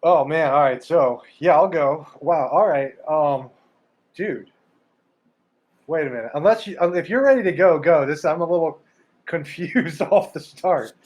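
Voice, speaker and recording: A man's voice: a little high, measured pace, darkish tone, low-quality recording. A man co-hosting a podcast in casual chat, rambling and joking as he spins a made-up story. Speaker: podcast co-host.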